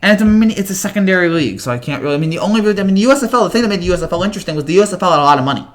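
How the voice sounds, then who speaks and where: This livestream host, a man in his twenties, has a high-sitting voice with lively intonation and a very fast delivery. He reads viewer comments in a casual, rambling chat thick with fillers and stammered restarts.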